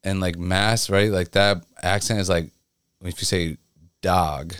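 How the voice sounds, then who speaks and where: Low-voiced Connecticut man, casual chat. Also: fairly even intonation, measured pace, a bit bright, clear, resonant tone, no room sound, studio quality. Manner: profane, laughs often, imitates accents. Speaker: podcast co-host.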